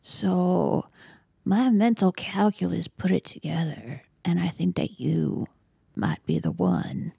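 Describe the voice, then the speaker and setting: A woman voicing a young female warlock student who tries to sound menacing, in hushed, half-whispered threats during whispered role-play. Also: lowish voice, lively intonation, takes it slowly, vocal fry, slightly rough, dry recording, clean studio sound, exaggerated voice. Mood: hushed menace.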